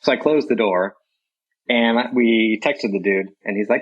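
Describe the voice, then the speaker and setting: A man's voice: on the low side, moderate pace, dull audio. A man who is a guest on a podcast, telling a story in a laid-back, rambling way. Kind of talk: casual chat.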